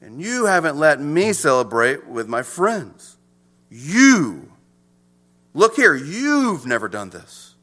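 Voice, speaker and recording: A man preaching a sermon, swinging from emphatic to hushed as he explains. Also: a little high, sing-song, slow pace. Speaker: pastor.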